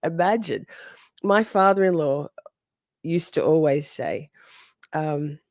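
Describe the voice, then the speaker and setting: A woman with a fairly low voice hosts a casual livestream, greeting viewers by name and riffing on their comments. Her talk is playful, sassy and peppered with laughter and swearing. The sound is dry and close, with no room echo. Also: takes it slowly. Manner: chatty, reads viewer comments aloud and answers them. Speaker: livestream host.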